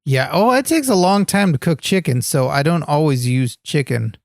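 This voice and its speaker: A man playing an eager, naive young wrestler in training who co-hosts a comedy podcast and talks in an excitable, childlike way. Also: a little high, normal speed, no room sound, studio quality. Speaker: podcast co-host.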